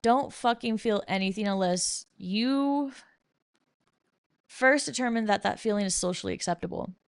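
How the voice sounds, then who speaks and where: A woman's voice: mid-range voice, normal speed, dry recording, clean studio sound. A young woman hosting a podcast, ranting casually and bluntly with lots of swearing and sarcasm while reading from bullet points. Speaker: podcast host.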